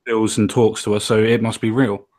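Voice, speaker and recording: A man's voice: lowish voice, little pitch movement, normal speed, a little mellow. A man co-hosting a casual chat, explaining his points earnestly and at length.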